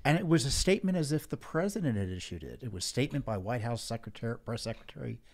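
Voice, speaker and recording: A man appearing as a guest on a political talk show, making his points in a measured, deliberate way. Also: mid-range voice, expressive. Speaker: guest, head of a watchdog group.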